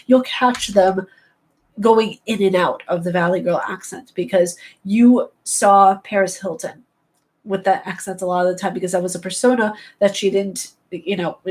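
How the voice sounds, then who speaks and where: A woman streamer talks to her live chat in a loose, playful ramble. Her voice sits at a middle pitch, and she hops from one thought to the next. The delivery is relaxed and chatty. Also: low-quality recording. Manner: playful, chatty, jumps between topics. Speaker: gaming streamer. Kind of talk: casual chat with live viewers.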